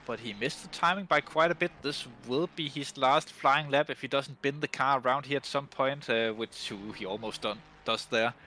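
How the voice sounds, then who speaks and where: A man commentates a sim race live in chatty, loose English that is not his first language. He laughs often and fills pauses with uhs and restarts. His voice is bright and forward, at a middle pitch. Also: slight background noise.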